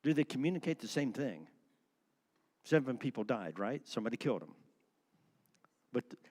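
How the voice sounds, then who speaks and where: Male class teacher, interactive and animated, leans on stressed words, medium pitch. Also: normal speed, pauses often. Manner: animated, asks the class questions, shifts word stress for effect. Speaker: teacher leading a church class. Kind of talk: interactive church class lecture.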